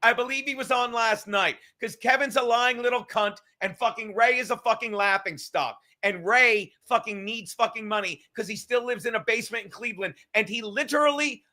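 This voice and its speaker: High, bright-voiced man ranting profanely. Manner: profane, combative, mocking. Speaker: livestream host. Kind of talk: ranting livestream commentary.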